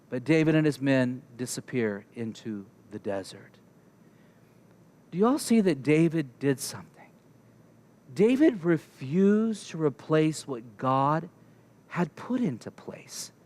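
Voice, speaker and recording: High-voiced pastor telling a Bible story. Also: male voice. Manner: animated, checks in with "okay?". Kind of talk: storytelling sermon.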